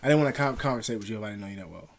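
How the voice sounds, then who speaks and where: A man's voice: lowish voice, rapid-fire. A man vlogging casual advice, rambling in profane street slang with many fillers.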